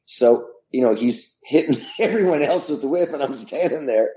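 A man's voice: mid-range voice, expressive, normal speed, dark tone, low-quality recording. A man guest telling casual anecdotes in a rambling way, full of "you know" fillers. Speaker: guest, former TV host.

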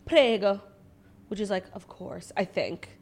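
Brief: woman co-host, animated storyteller, filler-heavy casual chat, middle-range voice. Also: medium pitch, unhurried. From United States. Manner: chatty, lots of "like", animated retelling. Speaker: podcast co-host.

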